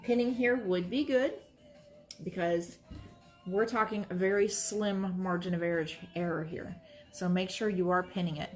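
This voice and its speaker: A woman's voice: fairly low pitch, moderate pace, soft background music. A woman teaching quilting in a casual demonstration, chatty and reassuring as she talks while she works at her sewing station. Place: sewing room, moving between workstations.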